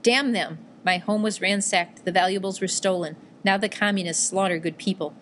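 A woman reads a determined teenage boy fleeing through a war-torn land. The voice sits low and even, urgent and careful, with a faint hiss in the background. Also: brisk, close to an everyday voice. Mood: angry, grieving. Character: teenage Japanese schoolboy fleeing, determined and quick-thinking.

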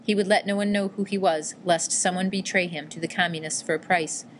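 A woman narrating a novel aloud in a measured, even storytelling manner. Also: on the low side, a little hiss or hum. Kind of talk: audiobook narration.

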